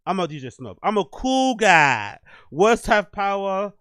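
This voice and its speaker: High-voiced swearing man. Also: very animated, unhurried, a bit bright, clean tone, dry recording, studio quality. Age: adult, "you get older". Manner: swearing, rambling, self-deprecating. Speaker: podcast host. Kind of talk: casual livestream chat.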